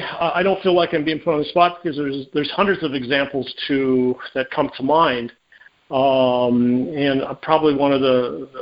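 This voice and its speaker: A man, a private investigator, telling a case story in an interview, lively and full of restarts, acting out dialogue. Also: medium pitch. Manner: animated, acts out quoted dialogue, many restarts. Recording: dull lo-fi audio.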